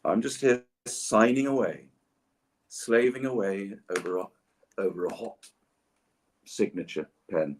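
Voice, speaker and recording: A man's voice: lowish voice, a little slow, pauses often. An Englishman chatting playfully while signing autographs, with a theatrical, explanatory manner. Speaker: voice actor signing autographs on a livestream. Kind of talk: casual chat while signing. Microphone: livestream setup.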